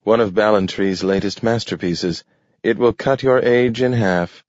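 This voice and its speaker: Male narrator voicing a fond, teasing storybook woman, deep and unhurried, dry, dull audio. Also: a little mellow, no echo, close to an everyday voice. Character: woman, old friend, warm and teasing.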